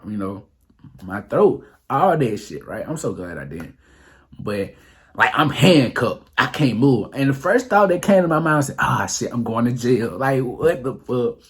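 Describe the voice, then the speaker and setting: With a mid-range voice carrying a breathy edge, a young man rambles through a profane storytime on his vlog. The casual monologue is packed with fillers.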